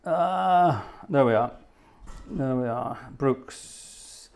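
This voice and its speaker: A man's voice: medium pitch, lively intonation, extremely slow, gravelly, darkish tone. A man hosting a live stream from his home organ studio, chatting cheerfully and reading out names from the chat. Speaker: livestream host and organist. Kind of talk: casual live-stream chat, greeting viewers.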